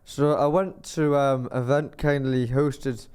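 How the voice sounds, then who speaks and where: Man, podcast co-host, casual rambling anecdote, smooth resonant voice. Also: medium pitch, fairly even intonation, takes it slowly, darkish tone. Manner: rambling storyteller, acts out quotes. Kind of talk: casual chat.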